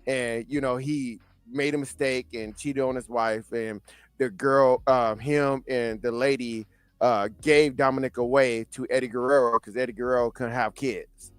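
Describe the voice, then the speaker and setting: A man's voice: mid-range voice, normal speed, smooth, no room sound. A man hosting a casual comic book chat show, telling stories and laughing often. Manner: laughs often, animated storytelling. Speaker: host.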